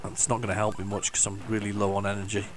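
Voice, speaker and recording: A man's voice: fairly low pitch, monotone, rapid-fire. A man giving casual, enthusiastic commentary while playing an old computer game, rambling and restarting his sentences. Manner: hums the game tunes along. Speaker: retro gaming video host. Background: faint retro game music.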